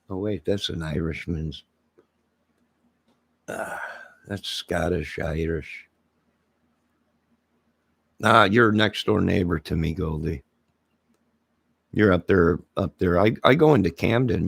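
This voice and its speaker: A man's voice: low-pitched, vocal fry, slightly rough, no room sound. A man chatting casually on a livestream, rambling and joking as he answers viewers' comments. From Illinois, near Chicago.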